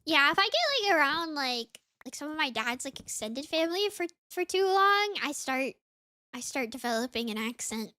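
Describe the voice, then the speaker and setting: Sing-song at a normal pace, this young Southern woman's high, bright voice carries a light accent from Florida or Mississippi. She's a sniffly, congested VTuber rambling through casual stream chat with plenty of "like."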